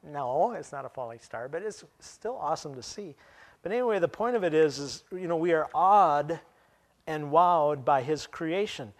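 A man preaching a sermon as pastor, animated and wry, often chuckling at his own asides. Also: fairly high pitch, normal speed.

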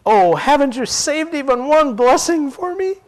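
A man's voice: high voice, a little slow, creaky, darkish tone, voice pushed up. A man reading aloud, voicing a grieving young man who pleads bitterly with his father. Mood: anguished. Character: anguished young man, the cheated elder son.

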